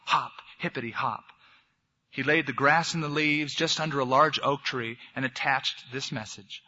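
A pastor tells a story to his congregation, then leads them in prayer. His voice is bright and piercing, and the recording sounds dull and lo-fi. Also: on the high side, normal speed. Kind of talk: sermon storytelling.

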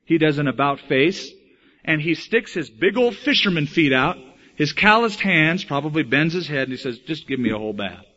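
Male pastor, lively storytelling sermon, higher voice, lo-fi sound. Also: normal speed. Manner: animated storytelling, acting out quoted voices.

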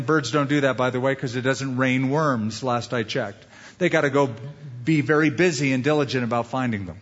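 A man's voice: medium pitch, normal speed. A male pastor preaching a sermon in a conversational way, often putting questions to the listeners. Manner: conversational, asks the audience questions. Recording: dull lo-fi sound.

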